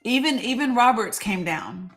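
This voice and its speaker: A woman's voice: on the high side, lively intonation, moderate pace, a bit bright, soft background music. A woman hosting a casual live stream, commenting on the news with passion and reading legal text aloud between fillers and asides. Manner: impassioned and outspoken.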